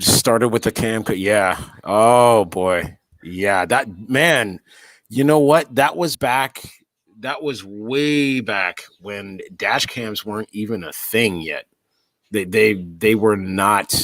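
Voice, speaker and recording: Casual host, lowish man's voice, animated storyteller, dry close sound. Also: slow pace, no room sound. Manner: animated storyteller, acts out reactions. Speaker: dash cam channel host. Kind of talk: casual chat.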